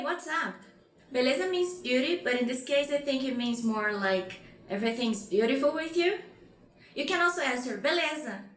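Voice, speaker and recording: A woman from Brazil with a Brazilian Portuguese accent, teaching beginner phrases and repeating them slowly. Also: on the high side, a bit bright, reverberant. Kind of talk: bright lesson presentation.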